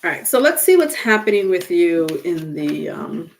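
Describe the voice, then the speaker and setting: A woman giving a casual livestream tarot reading, rambling and halting, with many fillers and restarted words. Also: on the low side, very animated, slight background noise. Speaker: tarot reader.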